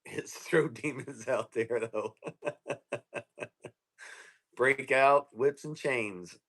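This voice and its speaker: A man in crude, profane casual chat on a livestream, telling stories and acting out quotes loudly. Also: medium pitch, drawn-out words. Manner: profane, storytelling, loud acted-out quotes.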